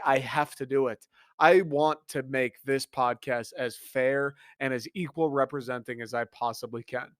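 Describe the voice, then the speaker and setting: A man's voice: mid-range voice, dry recording, clean studio sound. A young man hosting a sports podcast, talking in a fired-up, repetitive monologue with casual swearing. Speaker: podcast host.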